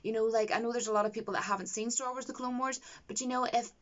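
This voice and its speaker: A woman's voice: fairly high pitch, fairly even intonation, quick pace, muffled recording. A young woman, reviewing a TV episode in a casual, enthusiastic and rambling way. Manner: enthusiastic, rambling, gushing with praise.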